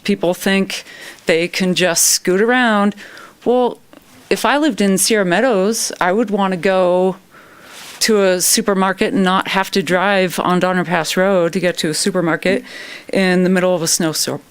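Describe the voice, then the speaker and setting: A woman's voice: on the low side, fairly even intonation, normal speed, clear, resonant tone. A woman making a worried, plain-spoken public comment at a town council meeting, using folksy phrases.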